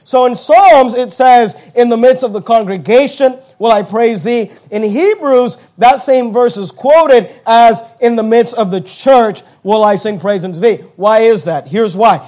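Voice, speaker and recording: A man's voice: extremely high pitch, darkish tone. A man pastor preaching a sermon, stressing key words emphatically.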